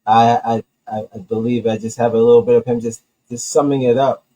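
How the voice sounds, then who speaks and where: A man with a husky, slightly rough voice hosts a homemade comedy commentary show. He rants in a heated, profane, rambling way, restarting sentences as he goes. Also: mid-range voice, flat delivery, fairly quick, warm tone, highs cut off.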